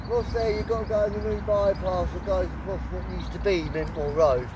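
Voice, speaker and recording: Chatty man vlogging beside a country road, fairly high voice, mic some way off. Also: fairly even intonation, a little fast. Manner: chatty, self-correcting. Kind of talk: casual storytelling. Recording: distant mic with loud outdoor noise.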